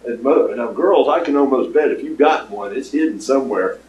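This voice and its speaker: An older man giving a casual, rambling pitch to an audience, with lots of fillers. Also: fairly quick, dull audio. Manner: rambling storyteller with many fillers. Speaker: startup presenter. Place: meeting room with audience. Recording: roomy, distant room recording.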